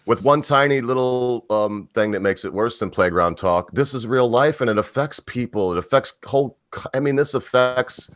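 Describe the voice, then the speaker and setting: A man co-hosting a casual chat show, talking in a rambling, animated way that keeps interrupting itself. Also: mid-range voice, normal speed, dry recording. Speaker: co-host.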